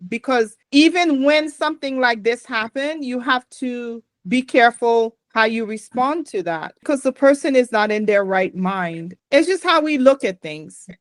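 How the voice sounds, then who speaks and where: A woman's voice: a little high, fairly bright tone, no echo. A woman hosting a podcast, talking in an earnest, reflective way. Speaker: podcast host. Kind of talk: casual podcast conversation.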